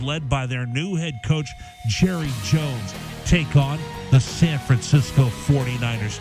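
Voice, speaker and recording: A man putting on the slow, drawn-out delivery of a sports promo announcer, with music behind. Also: medium pitch, lightly acted.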